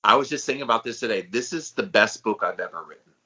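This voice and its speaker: An energetic man co-hosting a podcast, his voice bright and forward as he talks with his best friend. He calls himself the hype guy and sounds it, upbeat and encouraging. The recording has a slightly dull, lo-fi quality. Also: fairly low pitch, fast, slightly rough. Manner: enthusiastic, self-described hype guy. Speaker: podcast co-host. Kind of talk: casual podcast chat.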